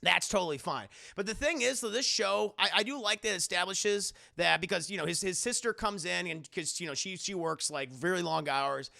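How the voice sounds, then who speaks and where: A man's voice: sits high, a little fast, vocal fry, few pauses, pushed and bright. A young man casually recapping a TV episode for a live-stream chat, chatty and profane, constantly calling out to his chat. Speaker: TV show reviewer streaming live.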